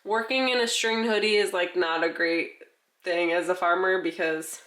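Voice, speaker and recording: A chatty woman farm vlogger talks casually, filling her speech with "like." Her voice sits on the lower side and sounds congested and slightly winded. She is recorded in an echoey room. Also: fairly even intonation, moderate pace, a bit bright. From New York. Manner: chatty, many "like" fillers. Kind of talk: casual vlog.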